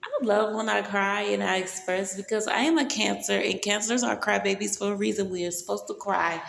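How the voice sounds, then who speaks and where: A woman's voice: mid-range voice, fairly quick, vocal fry, a bit bright. Tearful woman vlogging in an echoey room. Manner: tearful, heartfelt, swearing casually. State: crying. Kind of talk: emotional personal vlog. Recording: echoey room with long reverb.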